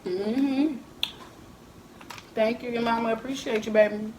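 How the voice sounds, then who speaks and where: A woman's voice: fairly high pitch, fairly even intonation, a little slow. Chatty young woman eating on camera. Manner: chatty, joking, talks to viewers and her baby son. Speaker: mukbang vlogger. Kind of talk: casual talk while eating on camera. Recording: echoey room with background noise.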